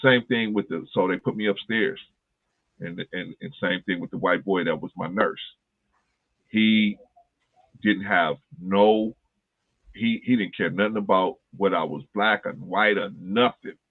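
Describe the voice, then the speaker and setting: A low-voiced man with a measured pace hosts a talk podcast, earnestly relating something personal. He keeps the conversation casual and repeats phrases to drive points home. The recording has a thin, phone-line quality.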